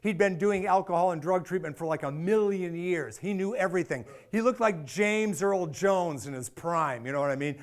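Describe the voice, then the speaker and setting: A middle-aged man giving a personal storytelling talk, animated and acting out the dialogue. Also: high voice, moderate pace, hardly any pauses. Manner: animated, acts out dialogue, repeats phrases for effect. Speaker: speaker and author.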